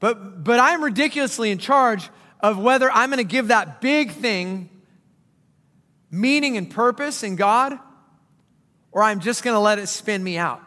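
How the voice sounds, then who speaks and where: A man delivers a sermon in a chatty, humorous way, swinging between hushed asides and loud stretches. His voice sits high with a bright ring, and the sound carries a long reverb from a large church hall. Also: lively intonation, measured pace. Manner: conversational, joking preacher with dramatic swings in loudness. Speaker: pastor. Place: church auditorium.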